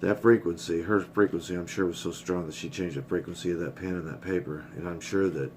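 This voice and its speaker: A man's voice: low-pitched, steady tone, a little fast, a little hiss or hum. A middle-aged man rambling candidly in a casual personal vlog, swearing freely and getting choked up. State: emotional, choked up. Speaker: vlogger.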